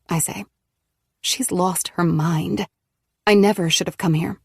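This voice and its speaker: A woman narrating a first-person audiobook in a steady, measured way. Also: on the low side, vocal fry, slightly rough, no echo, studio quality.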